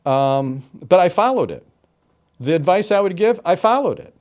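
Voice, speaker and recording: A middle-aged man from Florida, an interview guest telling his story with animated, emphatic delivery and acted-out quotes. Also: sits high, normal speed. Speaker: interview guest, game show announcer.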